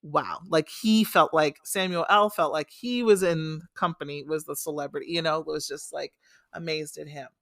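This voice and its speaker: A woman's voice: low-pitched, fairly even intonation, normal speed, a bit bright. A woman co-hosting a casual podcast, telling a story in a chatty way with many fillers and restarts. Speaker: podcast co-host.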